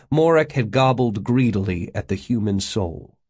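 A man's voice: on the low side, expressive, moderate pace, few pauses, a little mellow, husky. Man reading a science fiction audiobook. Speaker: narrator.

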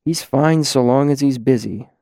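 A man voicing an emotional, devoted young male apprentice who is not human, speaking in a choked, pleading, soft way. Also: medium pitch, moderate pace, vocal fry, no room sound, studio quality, lightly acted. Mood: earnest.

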